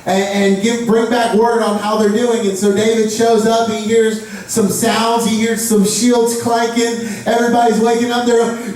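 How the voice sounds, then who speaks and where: A man preaches a casual, storytelling sermon, bursting into acted voices now and then. His voice sits high for a man. He is heard from well off the mic in a strongly echoing church room with faint noise underneath. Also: moderate pace, few pauses, far from the mic. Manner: storytelling, acts out voices with rising excitement. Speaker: pastor. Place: church sanctuary.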